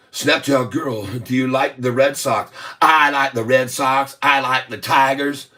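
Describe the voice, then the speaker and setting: A man in his sixties from the South with a Southern accent, hosting a rambling livestream, loud and laughing, with rhymes thrown in. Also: medium pitch, a little slow. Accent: Southern American. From Southern United States. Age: 60s. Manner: boisterous, rhyming, laughing often. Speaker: livestream host. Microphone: webcam mic.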